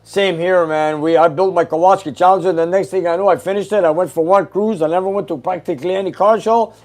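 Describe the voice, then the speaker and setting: A man's voice: high-pitched, fairly even intonation, quick pace, darkish tone. A man hosting a casual livestream, reading viewer comments aloud and answering them briefly with an easy laugh. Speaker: host reading live chat questions.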